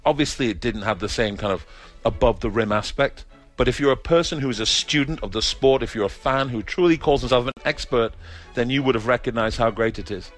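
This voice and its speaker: A man delivering an earnest, forceful opinion piece as a commentator. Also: medium pitch. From Britain. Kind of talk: opinion monologue.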